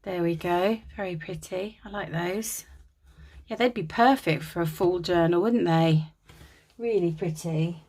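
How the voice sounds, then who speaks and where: A woman's voice: fairly low pitch, unhurried, a little mellow. Chatty gushing woman showing linens. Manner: gushing and chatty, with many ums. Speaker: crafter showing vintage linens. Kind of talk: casual show-and-tell vlog. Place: dim room at home in the country.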